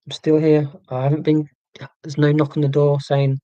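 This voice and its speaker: Mellow rambling man in his forties. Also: on the high side, monotone, normal speed, dry recording, dull audio. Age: 40s. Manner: rambling, self-deprecating, full of restarts. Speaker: live-stream host. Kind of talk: casual live-stream chat. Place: indoors at home. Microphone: laptop microphone.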